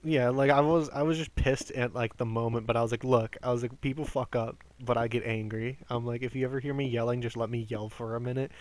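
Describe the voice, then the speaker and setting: A man in his twenties telling rambling work stories on a game stream, animated, swearing often and stumbling over restarts. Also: medium pitch, fast talker, hardly any pauses. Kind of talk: casual storytelling while gaming.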